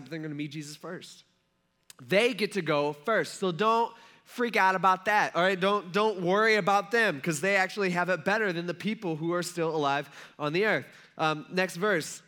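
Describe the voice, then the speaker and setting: This preacher gives a casual, conversational sermon, turning scripture into a story and voicing its characters. For a man his voice sits high, ringing bright and forceful, and he moves between loud, emphatic lines and hushed asides.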